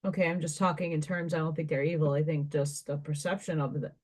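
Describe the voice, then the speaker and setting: A woman's voice: low-pitched, flat delivery, quick pace, darkish tone. A woman giving a spiritual card reader's monologue to her viewers, meandering and conversational and thinking aloud with asides.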